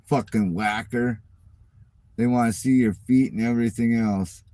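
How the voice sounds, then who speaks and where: A man's voice: fairly low pitch, steady tone, moderate pace, mellow, no room sound. A middle-aged man hosting his channel, ranting in a casual, profane and mocking way at viewer comments. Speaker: channel host.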